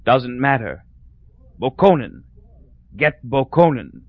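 A man's voice: mid-range voice, sing-song, slow pace, dry recording. A man doing a gasping dying old dictator. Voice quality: gasping, croaking. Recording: dull dry lo-fi recording.

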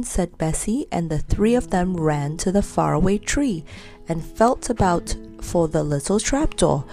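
A woman reading a children's storybook aloud, gently voicing its characters. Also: lowish voice, animated, measured pace, soft background music. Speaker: reader.

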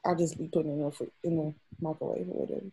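A woman's voice: low-pitched, little pitch movement, racing, dark tone, slightly rough, low-quality recording. A woman co-hosting a podcast in casual chat, laid-back and joking, swearing casually. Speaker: podcast co-host.

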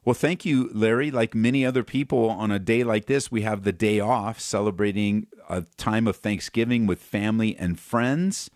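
Low-voiced male pastor, relaxed. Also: moderate pace, hardly any pauses, no room sound, studio quality. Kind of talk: casual holiday greeting.

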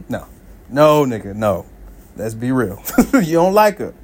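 A man's voice: mid-range voice, unhurried. A man, likely in his thirties, hosting a solo podcast, telling casual stories with lots of swearing and laughter. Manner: animated storytelling, swears freely, laughs often, voices friends in quotes. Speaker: podcast host.

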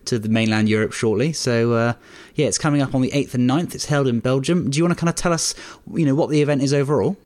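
A man's voice: medium pitch, quick pace, darkish tone. A man hosting a podcast, chatting in an upbeat, easygoing way and laughing easily. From England. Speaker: podcast host. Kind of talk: casual podcast chat.

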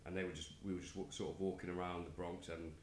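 A man with a very deep voice hosts a podcast and tells a rambling anecdote. The room is echoey, and a faint hum sits underneath. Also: little pitch movement, quick pace. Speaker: podcast host. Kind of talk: casual podcast chat.

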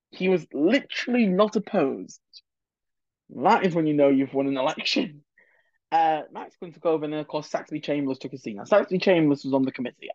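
A man's voice: a little high, darkish tone, no room sound, dull audio. A man hosting a solo political history podcast, chatty and opinionated, with many digressions and asides. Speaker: podcast host.

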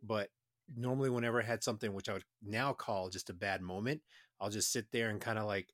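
Chill guy with a lowish voice talking it through, dry close sound. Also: steady tone, quick pace, a bit bright, no echo. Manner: laid-back, reflective, swears casually. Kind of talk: casual profane chat.

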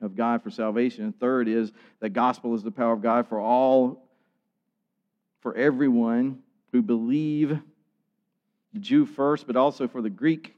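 A man's voice: medium pitch, steady tone, measured pace, pauses often. A man preaching a sermon in an earnest way, building to emphatic peaks. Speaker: pastor. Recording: dull sound with long hall reverb.

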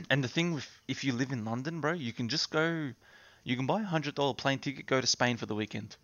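A man's voice: medium pitch, a little fast, fairly bright tone, no room sound. A young man, chatting bluntly and casually as a podcast co-host. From Australia. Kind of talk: casual chat. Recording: dull dry sound.

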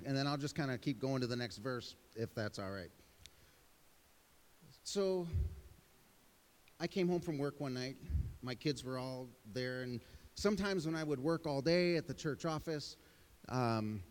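Middle-aged pastor preaching in a reverberant sanctuary, mid pitch, chatty storyteller who jokes about himself. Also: male voice, a little mellow. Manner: storytelling, self-deprecating asides. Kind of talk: sermon.

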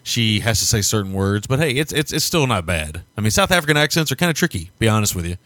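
A middle-aged man co-hosting a film podcast, chatting quickly and casually. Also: fairly low pitch, sing-song, fairly bright tone, no room sound. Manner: quick, chatty, laughs often. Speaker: podcast co-host.

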